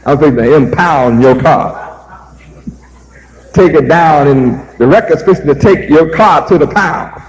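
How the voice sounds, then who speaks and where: A preacher playing a taunting traffic cop. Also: male voice, fairly high pitch, a little slow, big-room sound, voice pushed down, natural voice, poor audio. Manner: mocking, domineering. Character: taunting, bullying male police officer.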